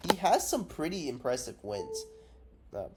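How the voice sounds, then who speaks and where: A man's voice: fairly high pitch, very animated, normal speed, noisy background. Rambling, profane young-sounding man. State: unwell, drowsy from cough syrup. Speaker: MMA predictions vlogger. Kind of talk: casual unscripted commentary.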